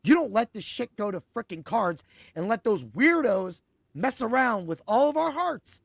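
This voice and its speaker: Excitable gravelly-voiced man hosting a podcast. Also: high voice, normal speed, no room sound. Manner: excitable, rambling, swears and laughs freely. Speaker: podcast host. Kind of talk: casual sports betting podcast chat.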